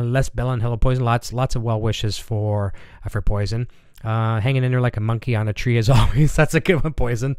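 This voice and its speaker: A man's voice: fairly low pitch, clear, resonant tone, dry recording. A middle-aged man hosting a live-stream gear show, reading out viewer comments in a casual, easygoing way with lots of fillers and repeated words.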